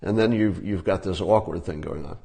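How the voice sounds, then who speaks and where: An older man talking casually, giving relaxed conversational advice and demonstrating tips as he goes. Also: sits low, fairly quick, creaky.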